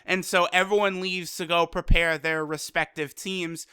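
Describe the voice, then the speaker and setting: A man recapping an anime episode in a casual, energetic way, acting out the characters' quoted lines as he goes. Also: high-pitched, moderate pace, smooth, no room sound, studio quality. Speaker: anime reviewer.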